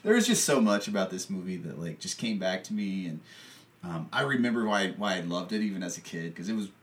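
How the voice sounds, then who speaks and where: A man's voice: low voice, animated, a little fast. A man chatting casually about a movie, rambling with lots of fillers and frequent laughter. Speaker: podcast co-host. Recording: distant mic with faint background noise.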